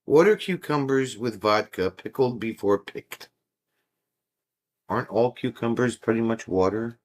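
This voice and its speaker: Slow, jokey male livestream host. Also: mid-range voice. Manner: jokey and playful, laughing often. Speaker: livestream host reading viewer chat. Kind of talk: casual livestream chat.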